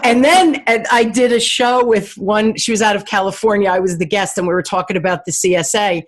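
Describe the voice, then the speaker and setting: A high-energy woman with a New Jersey accent, chatting as a guest on a podcast. She talks fast and eagerly, in a voice of middling pitch. She is recorded over a remote call from her home office. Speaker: guest, sales and communication coach. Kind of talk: casual interview chat.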